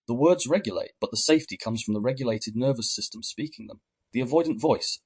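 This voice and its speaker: A man hosting a podcast, giving measured, reflective scripted narration. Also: mid-range voice, a little mellow, slightly rough. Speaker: podcast host.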